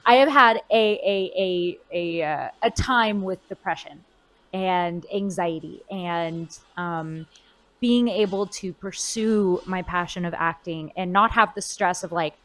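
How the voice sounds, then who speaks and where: A woman's voice: fairly low pitch, slow pace, a bit bright, rough recording. A woman in her twenties, a voice actor chatting expressively in a convention interview, with fillers and restarts. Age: 20s. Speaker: voice actor guest.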